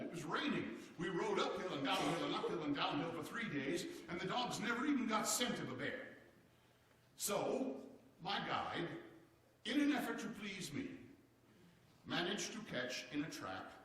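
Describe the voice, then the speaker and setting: A man's voice: a little high, a bit bright. An actor playing a hearty, boisterous old-time American president, speaking theatrically and exclamatorily straight to the audience in a live one-man stage show. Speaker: stage performer. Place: performance hall before a seated audience. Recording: echoey hall, voice picked up from far off.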